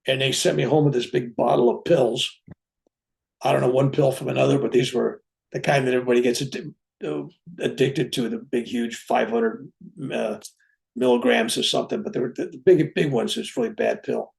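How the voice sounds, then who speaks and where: Guy with a really gravelly voice telling a story, acts out the dialogue, medium pitch. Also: brisk. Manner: animated, acts out dialogue in his own voice. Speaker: reverend. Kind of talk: personal storytelling. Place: room at home with a bookcase.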